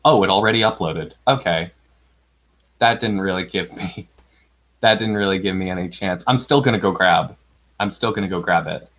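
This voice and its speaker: Over dull lo-fi stream audio, a man with a low, slightly bright voice speaks at normal speed. Hosting a live storybook reading as a casual livestream chat, he rambles while narrating his own computer tasks and chuckles at himself.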